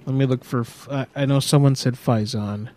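Crude, swearing prank-calling streamer. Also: male voice, medium pitch, steady tone, normal speed, poor audio. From Puerto Rico. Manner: crude, swearing, loud angry outbursts. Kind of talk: prank call livestream.

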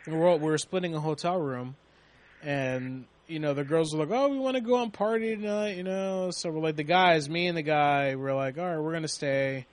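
A man's voice: on the high side, moderate pace. A man co-hosting a casual, profane chat show, telling stories and acting out quotes. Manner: animated storytelling, swears a lot, acts out quotes. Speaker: podcast co-host.

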